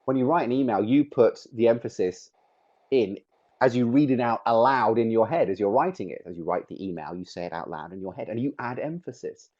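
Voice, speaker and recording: A man's voice: medium pitch, a little fast, darkish tone, highs cut off. A middle-aged man presenting a webinar, speaking with emphatic, shifting stress on key words. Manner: emphatic, varies stress on words to make points.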